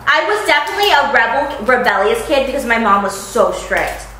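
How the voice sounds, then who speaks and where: A woman hosting an eating show, telling stories in lively casual chat and acting out what others said. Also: on the high side, fairly quick, a little hiss or hum. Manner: animated storyteller who acts out other people's lines. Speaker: host. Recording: echoey room.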